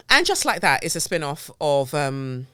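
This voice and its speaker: A woman's voice: deep voice, bright, forceful tone, clear, resonant tone, dry recording. A woman hosting a casual solo podcast from her home office, chatting playfully and drifting off topic as she talks into a close mic. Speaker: podcast host. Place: home office with window blinds up. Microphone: mic on a stand close to her face.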